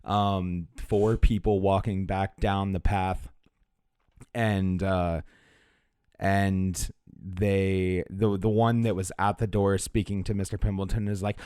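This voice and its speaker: Male game master, hesitant narrator, low, dry. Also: little pitch movement, takes it slowly, a little mellow, smooth, no echo. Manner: hesitant, many fillers and restarts.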